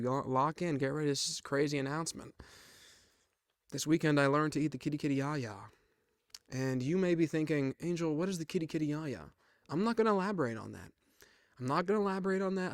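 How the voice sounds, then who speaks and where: A man's voice: medium pitch, smooth, no room sound, studio quality. A young man in his twenties hosting a comedic podcast solo, rambling and joking in a self-mocking way with lots of asides. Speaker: podcast host.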